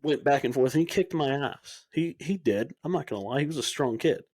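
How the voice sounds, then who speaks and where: In a brisk, expressive, medium-pitched voice that's a little mellow, a young man co-hosts a casual podcast. He tells energetic stories, dramatizes the dialogue he quotes, and doesn't hold back on swearing.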